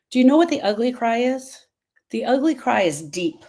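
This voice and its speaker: A woman's voice: on the high side, animated, a little fast, a little mellow. A woman grief coach talking casually to viewers on a live stream, earnest and repeating herself as she drifts off topic.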